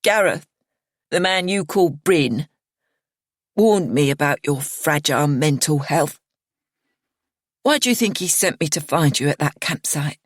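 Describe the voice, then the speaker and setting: A woman reading an audiobook voices a bitter, grieving young woman who drawls slowly and breaks into higher-pitched whispers. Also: animated, dry recording, studio quality. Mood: accusing. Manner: slow drawling, whispered and shrill.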